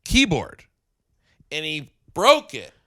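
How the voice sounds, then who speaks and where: Bright, lively man joking on a podcast. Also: on the high side, takes it slowly, no room sound, clean studio sound. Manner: jokey, swearing, acts out quoted people. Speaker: podcast co-host. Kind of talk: casual chat.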